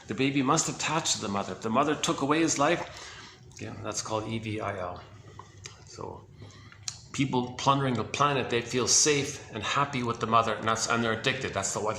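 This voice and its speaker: A man's voice: on the low side, sharp tone, slight background noise. A man giving a rambling spoken monologue, full of restarts and asides, while moving around inside a building. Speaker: self-help commentator. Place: indoor building with hallway and rooms. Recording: echoey indoor space.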